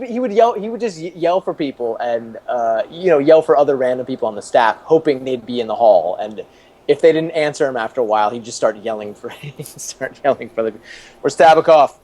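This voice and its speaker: A man's voice: mid-range voice, darkish tone. Chuckling man telling rambling stories. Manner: rambling, many restarts, chuckles often. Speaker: interview guest, former TV producer. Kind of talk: casual storytelling in an interview.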